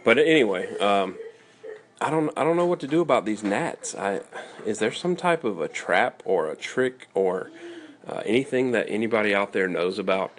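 Southern guy host, very low voice, chatty and meandering, light hiss behind. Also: lively intonation, normal speed. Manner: rambling, self-interrupting, joking asides. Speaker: radio show host. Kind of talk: casual solo radio talk.

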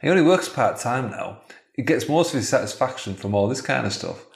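A man improvising a comic story in a chatty, animated way. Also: medium pitch, a little fast, creaky. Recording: roomy echo.

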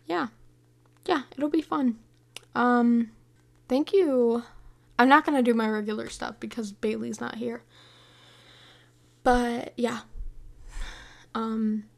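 Young woman, podcast host, casual rambling review, lots of fillers, slightly high, vocal fry. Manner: rambling, filler-heavy, restarts often.

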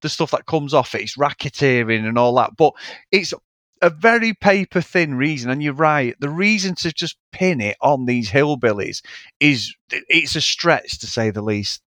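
A man's voice: on the high side, normal speed, no room sound. A man co-hosting a casual film review podcast, talking in a sweary, mocking way. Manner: sweary, animated, mocking impressions. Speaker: podcast co-host.

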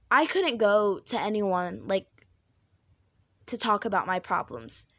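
A young woman hosting a podcast, talking candidly in a rambling monologue with a high-pitched, squeaky voice. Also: dry recording. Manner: candid, rambling with fillers and restarts. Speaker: podcast host.

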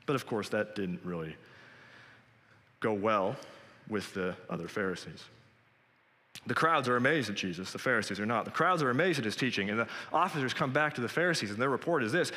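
A man's voice: mid-range voice, animated, fairly quick, sharp tone. A man preaching a sermon in an earnest, conversational way that rises to emphatic peaks, in a church sanctuary. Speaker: pastor. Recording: long hall reverb.

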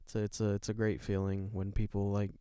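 A young man co-hosts a podcast in easygoing, meandering chat, swearing freely. His voice is low, soft and smooth. The sound is dry and close. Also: completely flat delivery, fast, dry recording. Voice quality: soft, soothing voice. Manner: laid-back, rambling, swears often. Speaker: podcast co-host. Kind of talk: casual chat.

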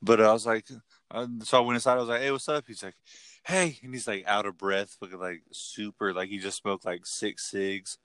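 Casual young man spinning a cussing anecdote, crisp clear voice. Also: on the low side, fairly quick, no room sound. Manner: profane, rambling, animated storyteller. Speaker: podcast co-host. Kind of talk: casual storytelling chat.

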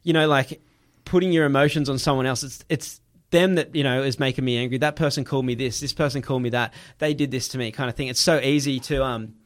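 A man telling a personal story in casual chat, animated, laughing and swearing freely. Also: mid-range voice, fast talker, hardly any pauses.

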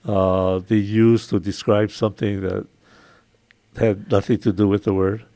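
An older man from Hawaii with a Hawaiian accent, hosting a casual radio chat, chatty and quick to laugh. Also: fairly low pitch, level tone, dark tone, dry recording. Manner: chatty, laughs easily, imitates local sayings. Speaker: radio show host.

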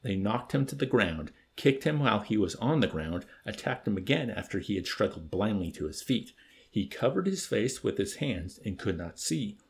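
A man reading a novel aloud as narrator with expressive, dry storytelling. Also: on the low side, normal speed. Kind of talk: audiobook reading.

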